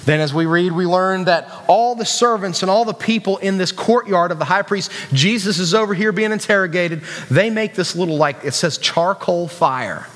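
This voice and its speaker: A man's voice: high voice, normal speed, hardly any pauses, a bit bright, long reverb tail. A man with a West Virginian accent preaching a sermon in a chatty, conversational way, full of restarts and asides to the audience. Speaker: youth pastor.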